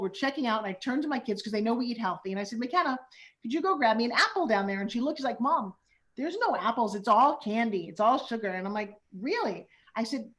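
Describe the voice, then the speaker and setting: A woman in her fifties hosts a casual conversation, telling stories with lively delivery and acted-out quotes. Her voice sits a little high. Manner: animated storyteller who acts out quotes. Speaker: host. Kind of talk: casual chat.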